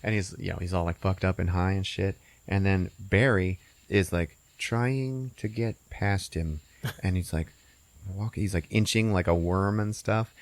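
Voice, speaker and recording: Male podcast host, low voice, profane animated storyteller. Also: measured pace, no echo. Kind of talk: casual movie recap.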